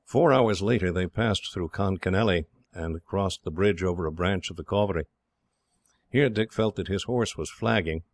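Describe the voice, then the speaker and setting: Man, audiobook narrator, very low voice, measured storytelling, dry close recording. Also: no echo. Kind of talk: scripted narration.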